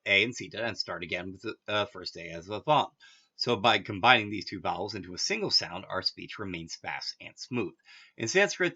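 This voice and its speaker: Man, lowish forceful voice, reads a lesson aloud with offhand asides; muffled lo-fi recording. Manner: reads text then adds offhand asides. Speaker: language teacher. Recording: dull lo-fi audio.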